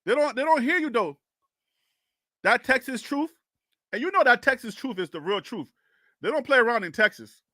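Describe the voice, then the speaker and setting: A man's voice: very high-pitched, expressive, moderate pace, pauses often, pushed and bright, no echo, studio quality. A young man from Liberia hosting a casual sports talk show, arguing his point animatedly and laughing often.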